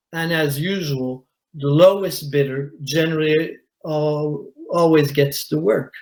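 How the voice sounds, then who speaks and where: A man, a commercial diver, telling his own story at a conference in a measured way, with pauses. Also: a little high, poor audio. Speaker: commercial diver giving a talk. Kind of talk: conference presentation, personal account. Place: conference hall.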